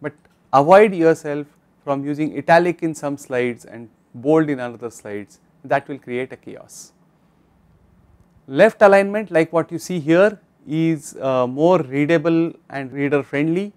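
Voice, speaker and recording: An Indian English-accented man teaches a recorded online course lesson. His voice sits a little high, and he speaks instructively, often turning to address the viewer directly. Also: measured pace, darkish tone. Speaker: lecturer.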